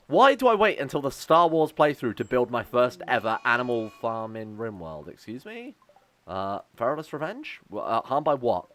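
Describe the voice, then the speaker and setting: A man streaming a video game, rambling and thinking aloud with lots of fillers, excitable as he plays, recorded close on a desk mic at home. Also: medium pitch, moderate pace, few pauses, no room sound. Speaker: gaming streamer. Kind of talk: casual let's-play commentary.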